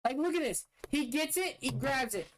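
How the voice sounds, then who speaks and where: A man's voice: extremely high pitch, animated, normal speed, a little hiss or hum. A young man streamer giving blunt, dismissive, profane commentary while reacting to game footage. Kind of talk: casual livestream commentary.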